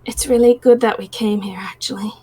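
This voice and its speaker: A woman's voice: mid-range voice, steady tone, brisk, a crowd in the background, pitched below the performer's own voice, lightly acted, poor audio. A woman voicing Pike, an earnest young adventurer who speaks hesitantly in a tabletop game. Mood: worried. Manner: hesitant, soft-spoken.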